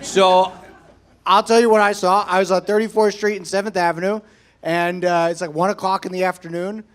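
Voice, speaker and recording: Brash, profane stand-up comic in his thirties, high-pitched, pushy delivery. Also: little pitch movement, brisk, clean tone. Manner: brash, profane, keeps tagging lines with "okay?". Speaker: stand-up comedian. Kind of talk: stand-up set. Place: comedy club stage before a laughing audience.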